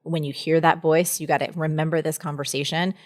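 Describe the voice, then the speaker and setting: A woman's voice: low-pitched, flat delivery, a little fast. A middle-aged woman talking as a podcast guest in a candid conversation, earnest and encouraging, speaking in emphatic bursts.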